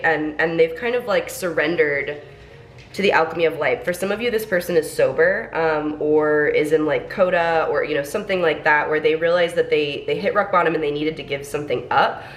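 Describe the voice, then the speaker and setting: A woman's voice: sits low, slight background noise. A young woman with a congested voice, reading tarot cards in a chatty, encouraging way full of fillers. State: congested from a cold. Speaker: tarot reader.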